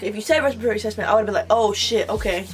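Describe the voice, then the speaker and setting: A young woman telling an animated storytime about nursing school, swearing and acting out the dialogue. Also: medium pitch, rapid-fire, faint music behind. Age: young adult. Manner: animated retelling, swearing, slang-heavy. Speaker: vlogger. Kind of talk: storytime vlog.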